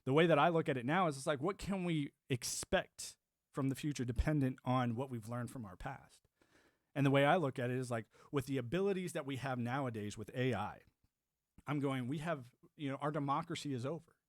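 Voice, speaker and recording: Answering his chat on a livestream, a man in his thirties rambles loosely, often starting over and chuckling to himself. He speaks briskly in a mid-range voice, recorded at studio quality without echo.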